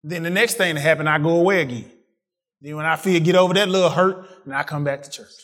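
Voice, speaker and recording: A man preaching a sermon, asking the congregation questions and swinging from excited peaks to quiet asides. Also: quick pace. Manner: call-and-response preaching, rising to excited peaks then dropping low.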